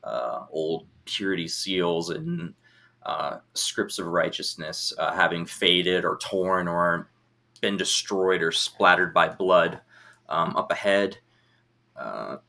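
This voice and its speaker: A man's voice: low voice, vocal fry, pushed and bright. A man narrating as game master of an online tabletop game, describing scenes with many fillers.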